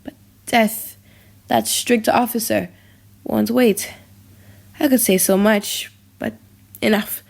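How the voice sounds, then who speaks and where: A woman's voice: a little high, fairly even intonation, slow, vocal fry, long pauses, a little mellow, full character voice. A woman reading the lines of a bitter young prince in an audiobook drama, wry and cutting.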